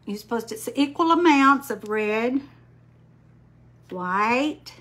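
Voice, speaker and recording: An older woman, chatting slowly on a craft livestream, greeting viewers by name while she paints. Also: fairly high pitch, lively intonation, a bit bright. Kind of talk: casual live-stream chat while painting.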